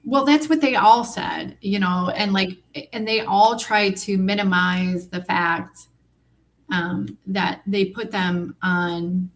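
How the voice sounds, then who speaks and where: A woman with a Midwestern American accent talks in casual podcast chat. Her voice sits at a middling pitch, and she rambles in an animated way with plenty of "like" and "um". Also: slow pace. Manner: chatty, animated, many fillers. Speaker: podcast co-host.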